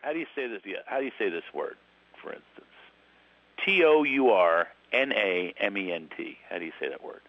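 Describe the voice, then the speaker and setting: A middle-aged man with a Philadelphia accent chats as a guest comedian over a dull lo-fi phone line. His fairly low voice leaps around as he tells stories in animated bits, and the sound is dry and close. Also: fairly quick, no echo. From Philadelphia, USA. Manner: animated storyteller, lively voice jumps. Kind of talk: casual comedic phone interview.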